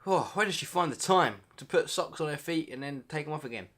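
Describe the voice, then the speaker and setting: A man in his twenties talks straight to camera in a comedic vlog. He plays it mock-dramatic, with loud bursts of hype and low, muttered asides. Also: animated, brisk. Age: 20s. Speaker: vlogger.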